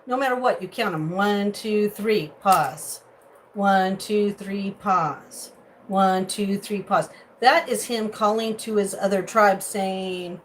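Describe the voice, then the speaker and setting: Chatty woman with excited squeals. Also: a little hiss or hum, poor audio. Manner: rambling, animated, breaks into high excited squeals. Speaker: vlogger chatting with viewers. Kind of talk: casual live chat. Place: home kitchen.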